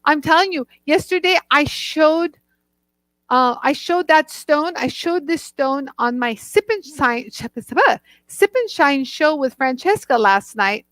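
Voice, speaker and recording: A bubbly, gushing woman from the northern United States chats casually with viewers while hosting a live jewelry tool stream. Her voice sits high, and the sound is dry and close, with no room around it. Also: animated, takes it slowly, a bit bright, no room sound. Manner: bubbly, gushing, chatty, laughs often.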